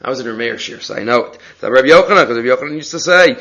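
Guy teaching talmud, animated storyteller, restarts a lot, kinda muffled recording. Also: medium pitch, rapid-fire, few pauses. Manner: animated storyteller, acts out quotes, frequent restarts. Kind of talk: lively text study lecture. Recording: slightly dull lo-fi audio.

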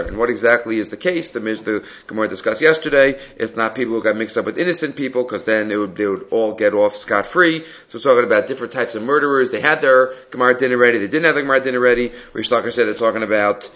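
A man's voice: medium pitch, fast talker, hardly any pauses, a bit bright. A man teaching a Talmud class, reading Aramaic lines aloud and explaining them in casual English. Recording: slightly dull lo-fi recording.

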